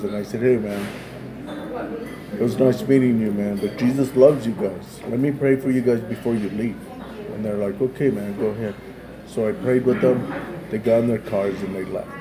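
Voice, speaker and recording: A man casually retelling a story in a loose, rambling way, peppered with "man" and "like". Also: mid-range voice. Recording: busy crowd chatter behind.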